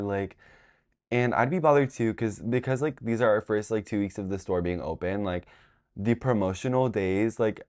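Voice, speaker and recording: A young man with a low, mellow voice hosts a chatty vlog. He sounds worn out, yet he keeps flipping from drained, flat sighs to sudden excited squeals as he dishes like gossip. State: tired. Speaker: vlog host.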